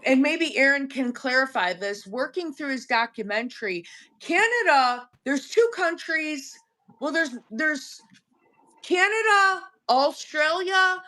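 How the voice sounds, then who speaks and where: A woman's voice: sits high, sharp tone. A woman hosting a livestream, talking bluntly in casual chat and filling with "like". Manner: blunt, uses "like" a lot. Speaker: livestream host.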